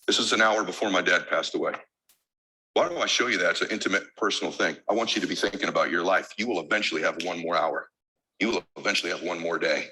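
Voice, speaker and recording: Forceful low-voiced man giving a speech. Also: low-quality recording. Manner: emphatic, built on insistent repetition. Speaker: motivational speaker. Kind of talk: emotional keynote speech.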